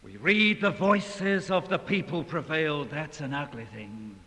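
A male preacher delivers a sermon at an unhurried pace, his voice sitting somewhat high. He is dramatic, climbing to loud passages and sinking back to near hushed ones. The recording carries a long hall reverb and a faint hiss underneath. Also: animated. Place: large hall.

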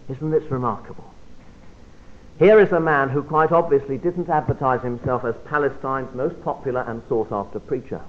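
A man preaching a Bible study sermon, emphatic and expressive, often dropping to a quiet, low voice for emphasis. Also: normal speed. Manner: expressive, emphatic delivery with sudden drops to quiet. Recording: phone-like narrow band.

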